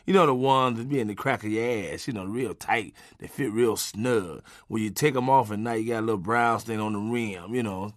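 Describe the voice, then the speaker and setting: A man telling a comic story from his own life, animated and profane, swinging from loud bursts to low asides. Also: a little fast, hardly any pauses, dry recording, studio quality.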